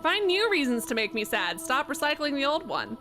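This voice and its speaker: High-voiced joking woman streamer. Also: big pitch swings, fairly quick, bright, forceful tone, soft background music. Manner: joking, swearing, baby talk. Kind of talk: casual live-stream reaction.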